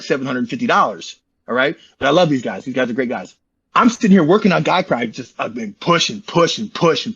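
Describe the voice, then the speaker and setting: A man's voice: fairly high pitch, fairly bright tone, slightly rough, lo-fi sound. A man as an interview guest, telling his story in a rambling, slangy, casual way and calling listeners bro. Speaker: interview guest, online community founder.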